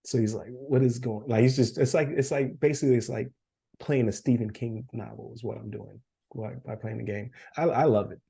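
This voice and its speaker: Gravelly-voiced man chatting about games. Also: medium pitch, steady tone, brisk, warm tone. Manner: rambling, laughs often, many fillers. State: losing his voice. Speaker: podcast co-host. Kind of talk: casual chat.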